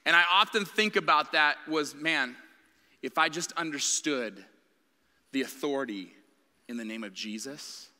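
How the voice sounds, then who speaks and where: In a church sanctuary, a guest preacher delivers a sermon in a candid, conversational way. His male voice is fairly high, a little slow, pushed and bright, and the church hall adds a long reverb.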